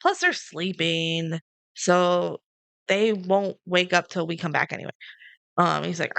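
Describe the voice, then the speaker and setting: A young woman co-hosting a podcast, casually recapping a movie and acting out the characters' lines with lively changes of voice. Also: fairly low pitch, a little slow, creaky, dry recording. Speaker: podcast co-host.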